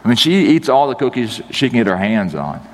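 A man's voice: medium pitch, brisk, long reverb tail. A man pastor in his thirties giving a sermon in a chatty, storytelling way, acting out the people in his stories. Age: 30s. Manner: conversational storytelling, animated.

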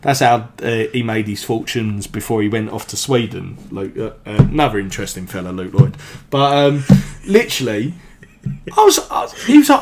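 A man recounts wild anecdotes as a podcast guest. His voice sits at an ordinary middle pitch but leaps up and down as he gets carried away. He curses freely and laughs through his stories. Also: sing-song, a little fast, heavy background noise. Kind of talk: casual anecdote telling.

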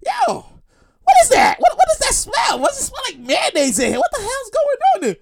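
A woman putting on the voice of a shrill, disgusted house guest, squealing in outrage over a bad smell. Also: wildly swooping pitch, moderate pace, full character voice.

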